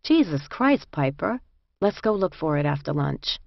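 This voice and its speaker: A blunt, amused woman inmate, as a female reader puts her on, talking plain and streetwise in a low voice. The read sits in a dry, dull studio sound with no room around it. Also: sing-song, a little slow, creaky, dry recording, full character voice. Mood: reassuring.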